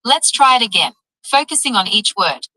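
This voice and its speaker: Bright, encouraging AI assistant woman voice. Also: on the high side, big pitch swings, moderate pace, husky, no room sound, poor audio. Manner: upbeat, encouraging, evenly paced. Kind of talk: AI assistant tutoring.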